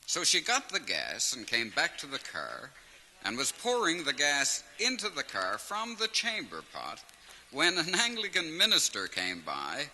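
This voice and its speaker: A man's voice: on the high side, measured pace. A man telling comic stories as a live stand-up act. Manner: animated storyteller who laughs at his own punchlines. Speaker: comedian telling jokes. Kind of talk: stand-up joke telling on record. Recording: vinyl transfer with long hall reverb and faint hiss.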